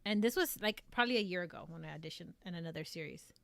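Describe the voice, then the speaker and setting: Woman streamer, lowish pitch, rambling casual chat, flat affect, dry close sound. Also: quick pace, vocal fry, no room sound. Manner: rambling, many fillers and restarts; flat, low-emotion delivery. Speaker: streamer and amateur voice actor.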